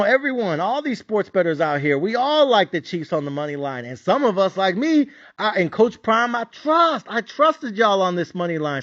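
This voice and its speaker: A man ranting in a profane, heated and animated way as a sports betting vlogger, on a dull lo-fi recording. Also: high-pitched, no echo. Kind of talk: ranting monologue.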